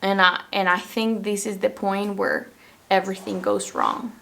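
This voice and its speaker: A woman's voice: medium pitch, level tone, normal speed, gravelly, fairly bright tone. A young woman vlogging casually from inside a bus she is converting, playful and laughing often. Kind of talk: casual chat to camera. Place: inside a school bus under construction.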